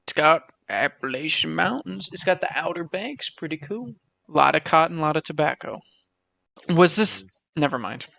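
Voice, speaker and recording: A man's voice: fairly high pitch, lively intonation, normal speed, creaky, sharp tone, dry recording. A young man in casual chat, reading out facts and swearing casually. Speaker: podcast co-host.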